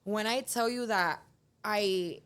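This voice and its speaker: A woman's voice: medium pitch, slow pace, clear, resonant tone. A young woman, telling stories as a guest in a casual interview and acting out the voices of people she quotes. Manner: animated storyteller, acts out quoted dialogue. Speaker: guest, professional alligator wrestler. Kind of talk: casual storytelling in a podcast interview.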